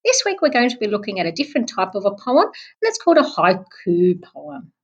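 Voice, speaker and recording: A young woman, a primary school teacher giving a recorded online lesson, explaining slowly and patiently. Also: medium pitch, very animated, muffled recording. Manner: clear, slow, patient explaining, clapping out syllables.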